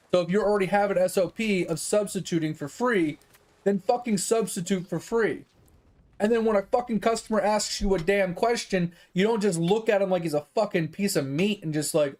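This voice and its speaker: A man's voice: high-pitched, normal speed, a little mellow. A man streaming games, ranting in casual chat, exasperated and swearing freely. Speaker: gaming streamer.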